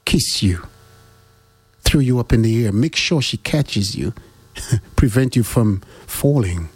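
A man giving a heartfelt motivational monologue to his listeners, preachy and repetitive, with his pitch jumping up to stress his questions. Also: lively intonation, measured pace, darkish tone, slightly rough, no room sound. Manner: preachy, repeats questions, swings pitch up for emphasis.

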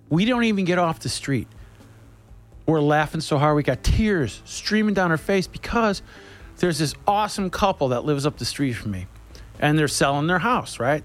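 A man on the radio, telling a rambling funny story in a casual chat style, joking and laughing as he goes. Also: on the high side. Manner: animated, laughing, jokey storyteller.

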